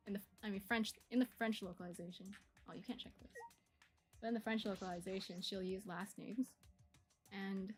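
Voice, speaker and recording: A woman giving casual gameplay commentary on her own game mod, rambling and correcting herself with lots of fillers. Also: mid-range voice. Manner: chatty, rambling asides with fillers and self-corrections.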